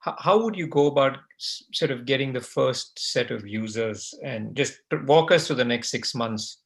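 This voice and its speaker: A man on a panel asks a question in a halting way, restarting his phrases. His mid-pitched voice has a gravelly edge to it.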